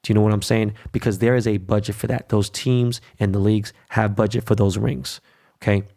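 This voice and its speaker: A brash middle-aged man talking straight into his own podcast mic. His voice sits low with a gravelly edge, and he talks blunt and profane, leaning on "right?" and "okay?" to drive points home. Casual monologue, no script. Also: steady tone, brisk, mellow. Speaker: podcast host.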